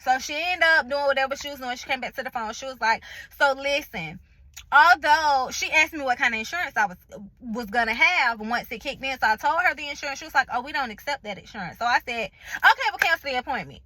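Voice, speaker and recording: A woman's voice: high voice, expressive, a little fast, bright, forceful tone, no echo, rough recording. A woman vlogger in casual personal storytelling, emphatic and chatty, acting out the conversations she retells and speaking straight to her viewers. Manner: colloquial, chatty, addresses viewers directly. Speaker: vlogger sharing a health update.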